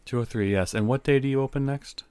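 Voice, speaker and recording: A man voicing a calm, steady adventurer in his own plain, even-keeled voice. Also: mid-range voice, fast, clear, resonant tone, no echo, pitched above the performer's own voice, close to an everyday voice.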